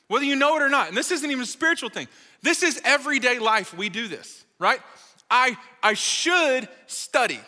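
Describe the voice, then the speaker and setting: A man giving a playful, lively sermon to a live audience, joking and talking straight to the crowd. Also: high-pitched. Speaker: speaker at a college ministry gathering. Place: large hall with live audience. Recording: reverberant hall.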